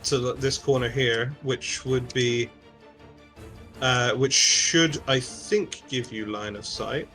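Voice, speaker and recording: Bright-voiced male game master. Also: medium pitch, steady tone, faint music behind. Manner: measured, formal rulings. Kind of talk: narrating a tabletop game.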